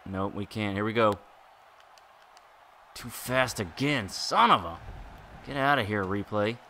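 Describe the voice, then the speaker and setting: A man reacts out loud as he plays a video game, swinging between groans and exclamations. His voice is fairly low and bright, and he talks slowly. A faint hum sits behind him. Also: animated. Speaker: gaming YouTuber. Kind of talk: live gameplay commentary.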